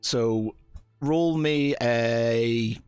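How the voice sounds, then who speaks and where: A man's voice: mid-range voice, extremely slow, darkish tone, clear, resonant tone, no echo, faint music behind. A man narrating a tabletop game as game master, hesitant and full of fillers.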